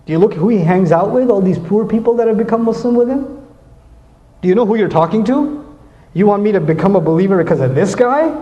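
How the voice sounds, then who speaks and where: A scornful man fires off mocking, incredulous questions, as a preacher acts him out. His voice is fairly high and quick. The long echo of a large hall hangs under a dull, lo-fi sound. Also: expressive, mellow.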